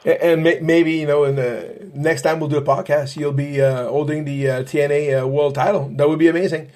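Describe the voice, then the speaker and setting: A man's voice: a little high, level tone, fairly quick, a little mellow. A man hosting a podcast interview, asking long, rambling questions full of restarts and fillers. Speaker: podcast host, paranormal investigator.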